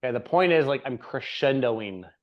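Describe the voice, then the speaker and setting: A man's voice: medium pitch, expressive, normal speed. A young man hosting a podcast in casual chat, rambling and upbeat, laughing often. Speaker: podcast host. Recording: slightly dull lo-fi audio.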